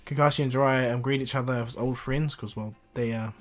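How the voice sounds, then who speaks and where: A man's voice: medium pitch, steady tone, fairly quick, faint music behind. A man casually improvising a fan story, rambling with fillers and restarts.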